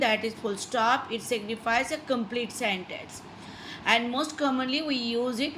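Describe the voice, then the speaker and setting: A woman's voice: a little high, fairly bright tone, a little hiss or hum, rough recording. A woman teaching an online grammar lesson, explaining step by step and often checking whether her students follow. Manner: explanatory, checks understanding with repeated "clear?" and "right?"; mixes in brief asides in another language.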